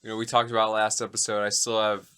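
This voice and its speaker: A man with a fairly low voice, chatting on a casual sports podcast. He is easygoing and joking and keeps chiming in with quick agreement. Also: monotone, pushed and bright, clean tone. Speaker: podcast co-host.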